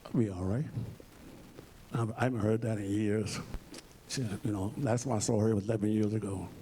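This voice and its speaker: A man's voice: fairly low pitch, fairly even intonation, a little fast, mellow, a little hiss or hum. A man being interviewed on stage at a library event, speaking bluntly and emphatically and swearing freely. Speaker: interview guest.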